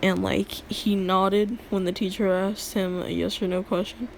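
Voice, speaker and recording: A woman's voice: mid-range voice, flat delivery, a little slow, creaky, a little hiss or hum. A young woman casually retelling a made-up story in a rambling, filler-heavy way, laughing at her own jokes.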